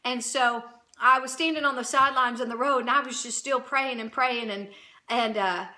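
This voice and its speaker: A woman's voice: a little high, steady tone, normal speed, bright, forceful tone. A middle-aged woman telling a personal faith testimony in an earnest, emotional way, often stopping and restarting. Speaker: Christian channel host.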